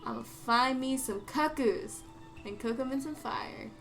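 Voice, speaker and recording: A woman's voice: sits high, unhurried, faint music behind. Chatty young woman streaming a game. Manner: chatty, giggly, reacts out loud to the game. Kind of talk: casual chat while playing a game. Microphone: desk microphone.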